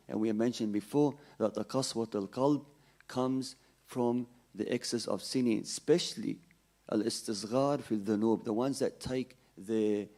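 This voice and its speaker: A man's voice: mid-range voice, warm tone. A man giving a conversational Ramadan sermon, telling a story and often restarting his sentences. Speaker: religious lecturer.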